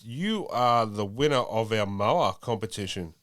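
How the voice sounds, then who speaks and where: A man hosting a podcast, relaxed and chatty, calling people mate. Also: lowish voice, moderate pace, dry recording, studio quality. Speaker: podcast host. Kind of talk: casual chat.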